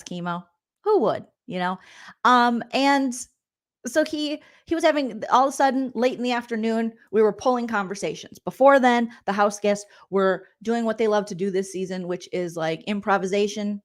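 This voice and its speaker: A woman comedian hosting a casual reaction vlog, chatty and animated, full of asides. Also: medium pitch, moderate pace. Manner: chatty and animated, acts out quotes with lots of asides. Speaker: comedian and reality TV recap host.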